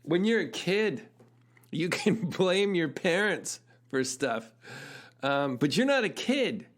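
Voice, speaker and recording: A man's voice: on the high side, very animated, takes it slowly. A man retelling the words of his blunt, teasing friend, a drum keeper, in a direct and pushy tone.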